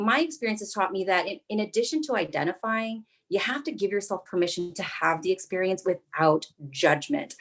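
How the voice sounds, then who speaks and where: A woman psychotherapist giving a talk with calm, reassuring advice, often restarting her sentences. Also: fairly low pitch. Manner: gentle, reassuring explanation. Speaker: psychotherapist speaker. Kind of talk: talk to an alumni audience.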